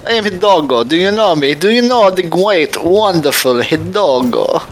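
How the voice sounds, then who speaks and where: A man's voice: high-pitched, animated, normal speed, slight background noise, low-quality recording. A man voicing a boastful male cat-folk prisoner in a tabletop game, with formal, stilted phrasing. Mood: pompous.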